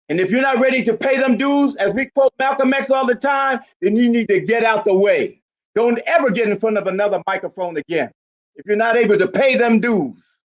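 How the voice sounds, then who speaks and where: This is an elderly man in his eighties delivering a fiery speech at a community rally. His voice sits notably high for a man. He is forceful and emphatic, and he often rises to a shout. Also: fairly quick. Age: 80s. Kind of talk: impassioned public speech.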